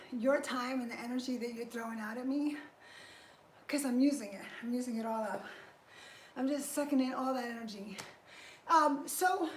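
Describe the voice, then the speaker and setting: A woman fitness trainer talking through a live workout, chatty and encouraging as she exercises. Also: high voice. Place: indoor workout space. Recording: echoey room with faint noise.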